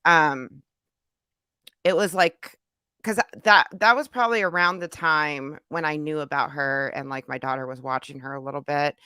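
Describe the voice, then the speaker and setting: A woman's voice: deep voice, moderate pace, pushed and bright, smooth, dry recording, clean studio sound. A woman streaming a live reaction, chatting casually and reading viewers' comments aloud.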